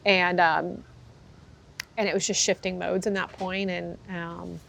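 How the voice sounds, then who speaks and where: A woman horse trainer in an interview, telling her story candidly with animated, lively delivery and frequent fillers. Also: fairly low pitch, a little slow, vocal fry, a little hiss or hum. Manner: animated, acts out quoted reactions, frequent fillers.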